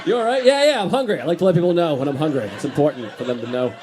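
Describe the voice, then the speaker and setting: A man's voice: fairly high pitch, racing, crowd noise, noisy background. A man doing a stand-up comedy set on stage, talking in a dry, grumpy, self-deprecating way. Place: comedy stage before a live audience.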